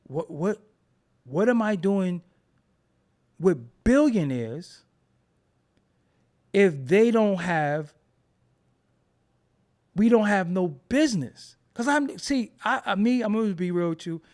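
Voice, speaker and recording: Swearing freely, a man rants casually and emphatically, his animated delivery turning repetitive whenever he gets heated. He has a high voice, speaks slowly, and pauses often.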